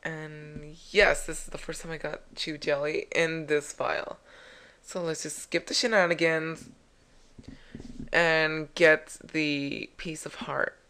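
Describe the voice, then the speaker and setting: Woman let's play host, low-pitched, rambling and jokey. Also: flat delivery, takes it slowly, a bit bright. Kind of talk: casual gameplay commentary.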